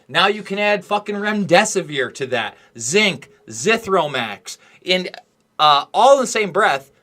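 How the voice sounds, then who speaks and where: Bright, high-voiced man ranting with profanity. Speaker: show host. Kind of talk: angry political commentary.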